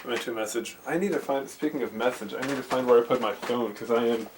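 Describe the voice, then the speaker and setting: A man's voice: mid-range voice, quick pace. Rambling man chatting about old tapes. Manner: rambling, filler-heavy, self-interrupting. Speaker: VHS movie vlogger. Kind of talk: casual rambling movie talk. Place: his bedroom. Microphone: handheld camcorder mic. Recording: faint hiss from a camcorder.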